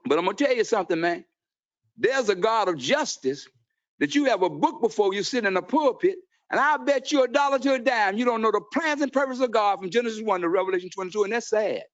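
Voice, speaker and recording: Man, public comment, preachy and confrontational, fairly high voice, dull lo-fi meeting audio. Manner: preachy, confrontational, quotes scripture. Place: city council chamber.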